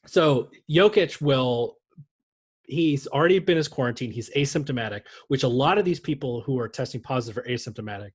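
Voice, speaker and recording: A man's voice: medium pitch, breathy edge. A man co-hosting a casual sports podcast, rambling and joking with frequent swearing. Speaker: podcast co-host.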